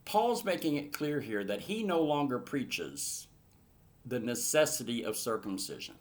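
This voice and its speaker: A man's voice: mid-range voice, big pitch swings, unhurried. Earnest male Bible teacher. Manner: earnest, building to emphatic bursts.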